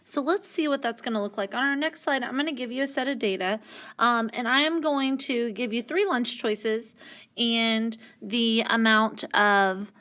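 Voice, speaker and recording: A woman's voice: a little high, normal speed, bright, forceful tone. A woman teacher giving a recorded classroom lesson, explaining patiently and step by step with the odd "um". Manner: uses fillers like um.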